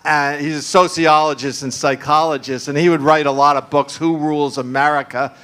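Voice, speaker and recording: Bright-voiced man on a conference panel. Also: on the high side, steady tone, a little fast, clear, resonant tone. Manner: discursive, frequent fillers and asides, laughs often. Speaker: panel speaker. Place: live conference stage.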